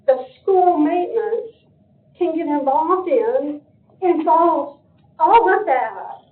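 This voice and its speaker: Older lady pleading at a county meeting, high voice, slow and teary, echoey tinny audio. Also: expressive. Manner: emotional, pleading, voice breaking with tears. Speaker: public commenter. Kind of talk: public comment at a county meeting.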